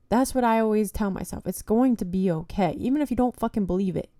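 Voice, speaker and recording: Warm-voiced young woman, candid podcast host. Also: medium pitch, fast, hardly any pauses, no room sound, clean studio sound. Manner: candid, heavy swearing, frequent "like" and "you know"; encouraging, addresses listeners as "guys". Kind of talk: casual solo podcast talk.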